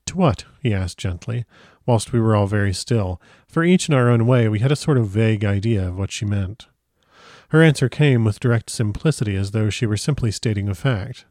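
A man reads a classic novel aloud with measured, grave storytelling. His voice sits fairly low. The recording is close and dry, with no room sound. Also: darkish tone, no echo. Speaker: audiobook narrator. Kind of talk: scripted narration of a classic novel.

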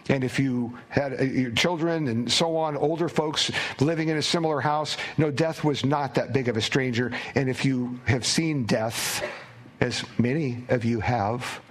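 A man, a pastor, preaching a conversational sermon, often restarting his phrases and dropping to a near whisper for quoted words. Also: medium pitch.

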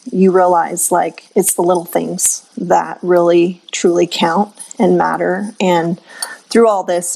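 A woman's voice: fairly low pitch, gravelly, darkish tone, rough recording. A woman in her thirties, co-hosting a radio show, talking in an earnest and encouraging way. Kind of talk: casual chat.

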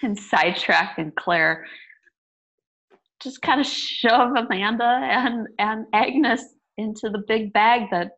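A woman playing a tabletop game, narrating her character's actions in a relaxed, matter-of-fact way. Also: fairly high pitch, slow pace. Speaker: player. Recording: dull lo-fi recording.

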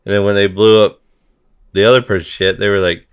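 A man's voice: fairly low pitch, level tone, a little fast, clean tone. A man in a heated conversation, talking bluntly and swearing freely as he rants. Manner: blunt, profane ranting.

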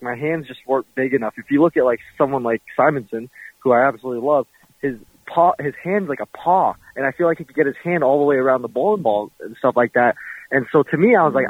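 A man's voice: medium pitch, no room sound. A man, a professional bowler, chatting easily in an interview with many fillers, heard over a remote call. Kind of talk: casual interview answers. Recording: tinny phone-like line, dry.

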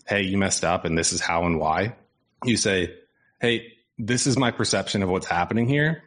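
A man co-hosting a podcast, chatting in a measured way and laughing easily. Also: sits low, a bit bright. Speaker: agency co-owner and podcast host. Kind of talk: casual podcast chat.

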